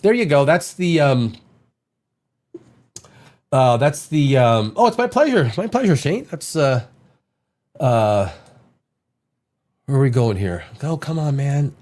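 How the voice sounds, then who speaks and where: Rambling podcast host with a head cold. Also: male voice, medium pitch, sing-song, slow, long pauses, darkish tone. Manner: rambling, joking, reads articles aloud with asides. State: has a bad cold. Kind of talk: casual livestream chat reading news aloud.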